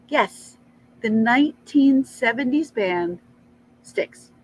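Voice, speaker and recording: A middle-aged woman telling a rambling personal story in a casual vlog, chatty and animated. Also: a little slow, rough recording. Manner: chatty, rambling, animated with frequent jumps in pitch. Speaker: vlogger.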